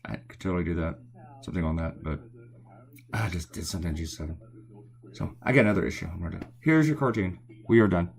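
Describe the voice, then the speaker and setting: Low-voiced Southern man chatting casually. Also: vocal fry. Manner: rambling, chatty, answers viewer comments. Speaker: cartoonist. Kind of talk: casual live drawing chat. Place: home at night, quiet to not wake others.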